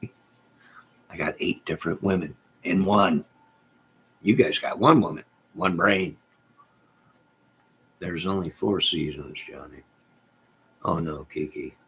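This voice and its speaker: Deep gravelly guy joking around with his chat on a home livestream, faint hiss behind. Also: slow pace, pauses often, fairly bright tone. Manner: joking, teasing, chats to viewers by name. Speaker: livestream host reading chat. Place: at home with goats nearby.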